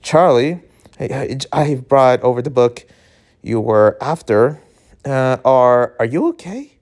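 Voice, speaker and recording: A man voicing a kind teenage boy who speaks gently and soothingly. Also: mid-range voice, lively intonation, slow. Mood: gentle.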